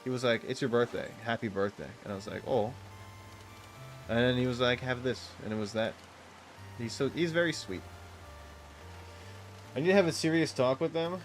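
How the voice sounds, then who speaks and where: A man's voice: medium pitch, moderate pace, long pauses. Young male streamer, rambling and self-mocking, casual chat over faint music. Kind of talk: casual gameplay chat with viewers.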